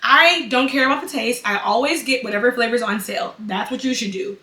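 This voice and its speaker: A young adult woman vlogging a casual haul, dramatic, excitable and chatty. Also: a little high, a little fast. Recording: echoey room, mic at a distance.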